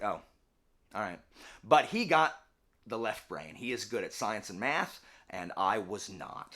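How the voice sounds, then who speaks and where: A man's voice: lowish voice, a bit bright. A man in his late thirties with a Southern US accent, chatting casually to camera as a vlogger and teacher, rambling with many restarts and asides. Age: late 30s. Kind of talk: casual personal chat to camera.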